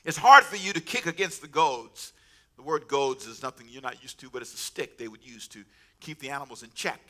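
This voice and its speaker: A middle-aged man preaching a sermon as pastor, animated and humorous, with asides. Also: mid-range voice, a little fast.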